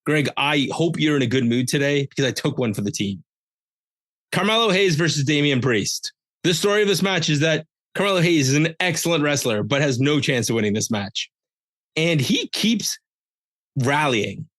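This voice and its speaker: A man's voice: a little high, expressive, normal speed, fairly bright tone, dry recording. A man hosting a podcast, giving a casual, joking, rambling recap of a wrestling show. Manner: jokey, rambling, with playful asides. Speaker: podcast host.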